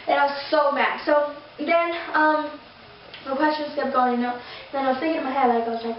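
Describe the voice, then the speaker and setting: A woman's voice: sits high, steady tone, brisk. A young woman vlogger rambling through a story, gushing and full of fillers and restarts. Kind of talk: casual storytelling to camera. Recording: very echoey, distant, dull lo-fi sound with faint noise.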